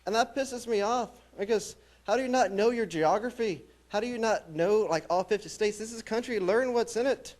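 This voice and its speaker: A young man from New Mexico doing a stand-up comedy set with a deadpan, wry delivery. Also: sits high, brisk, few pauses. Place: small college theatre stage.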